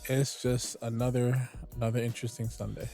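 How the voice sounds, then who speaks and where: Measured rambling male co-host. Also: mid-range voice, completely flat delivery, warm tone, soft background music. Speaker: podcast co-host. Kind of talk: casual chat.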